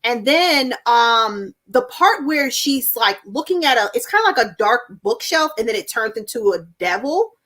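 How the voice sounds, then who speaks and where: Eager woman guest, fairly high voice. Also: sing-song, pushed and bright. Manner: enthusiastic, halting with fillers. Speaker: podcast guest. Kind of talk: casual chat.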